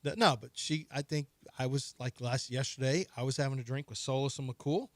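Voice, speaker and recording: A man in his forties co-hosting sports radio, telling stories in casual banter and getting loud as he acts out what people said. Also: medium pitch, brisk, dry recording. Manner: animated storyteller, acts out quotes and gets loud when riled.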